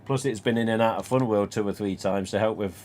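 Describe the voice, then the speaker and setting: A man's voice: lowish voice, fast, a little mellow. Chatty man hosting a stream. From England. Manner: rambling and anecdotal, with mild swearing. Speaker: live stream host. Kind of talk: casual live stream chat.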